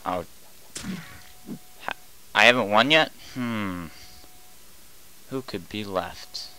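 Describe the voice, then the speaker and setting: Young man yelling over a game. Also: lowish voice, takes it slowly, slight background noise, low-quality recording. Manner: jumps between quiet muttering and loud panicked yelling. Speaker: gaming commentator. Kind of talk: excited gameplay commentary.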